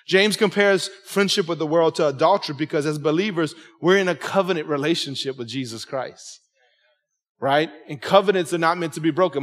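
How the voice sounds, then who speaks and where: A man's voice: fairly high pitch, fairly bright tone, long reverb tail. A man in his forties preaching a sermon to his congregation, emphatic and conversational, often checking in with "right?". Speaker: pastor. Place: church sanctuary with congregation.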